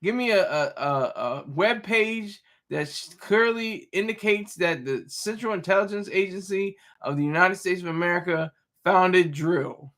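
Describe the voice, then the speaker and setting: This man's casual commentary comes as he reads his stream chat aloud and replies, his voice high and bright. He rambles haltingly, frequently breaking off to restart, doubling back on words, and fixing what he says mid-sentence.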